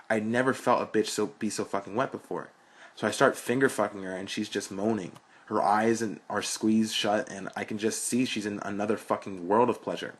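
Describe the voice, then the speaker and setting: A man's voice: fairly low pitch, breathy edge. A young man reading a story aloud in a frank, blunt, profane way. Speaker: narrator.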